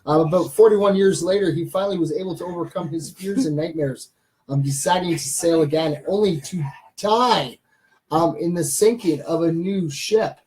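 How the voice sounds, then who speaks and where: A man's voice: a little high, moderate pace, darkish tone. A man hosting a live chat show, reading trivia facts in a jokey way with fillers and restarts. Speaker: host.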